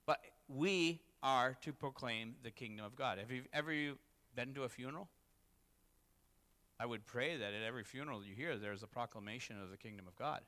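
A man's voice: mid-range voice, brisk, pushed and bright. Man preaching a candid sermon in a hall. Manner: candid, confessional, rises to emphatic peaks. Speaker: pastor. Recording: long reverb in a hall.

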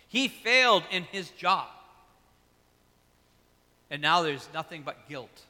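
Male pastor, bright and slightly high voice, chatty preaching with stories, church hall echo. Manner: conversational preaching, acts out Bible dialogue, asides and personal stories. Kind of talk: sermon.

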